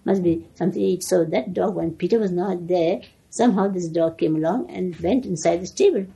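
An older woman reminiscing in an animated way, often laughing and restarting her sentences. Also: fairly low pitch, brisk, vocal fry, slightly rough, poor audio. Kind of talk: reminiscing storytelling.

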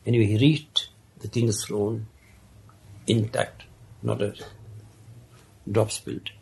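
A man telling a parable in an unhurried, conversational way, with many casual asides. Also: fairly low pitch, flat delivery, gravelly, a little mellow, slight background noise. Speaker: storyteller. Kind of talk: casual spoken storytelling of a parable.

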